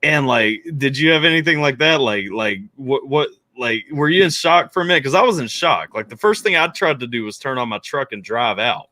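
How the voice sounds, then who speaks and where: A man hosting a casual remote chat, talking in a rambling, animated way with lots of restarts. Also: medium pitch, brisk, hardly any pauses, no room sound. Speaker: podcast host.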